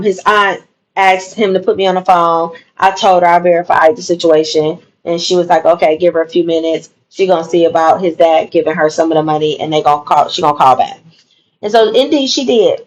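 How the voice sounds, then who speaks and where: A woman's voice: medium pitch, low-quality recording. Woman telling a story, emphatic, keeps repeating stuff, casual chat. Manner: animated, emphatic retelling with repeated phrases.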